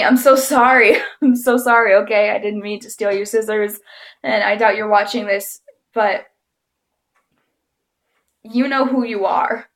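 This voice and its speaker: A woman vlogger telling a story to camera in a casual, chatty way, often giggling and acting out what people said. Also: a little high. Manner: giggly, chatty, animated quoting.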